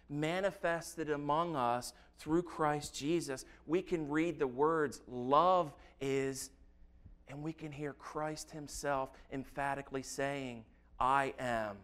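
A man preaching a sermon, reading scripture slowly and earnestly with emphatic stresses. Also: on the high side, fairly bright tone, clear, resonant tone. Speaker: pastor.

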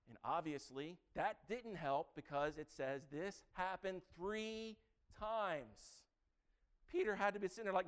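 Male preacher, clear, smooth tone, chatty and joking, quizzes the congregation. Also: a little high, moderate pace. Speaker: preacher teaching a Bible lesson. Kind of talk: interactive sermon.

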